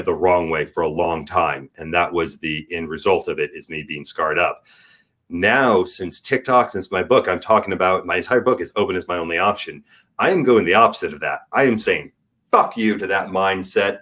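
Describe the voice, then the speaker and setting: This podcast guest is a man in his forties who speaks candidly and earnestly, offering advice during a casual conversation. His voice is deep yet slightly bright.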